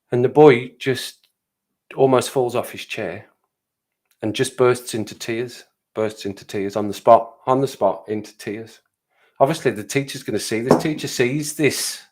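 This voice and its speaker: A man telling a story on a live stream, rambling and repeating phrases for comic effect. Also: mid-range voice.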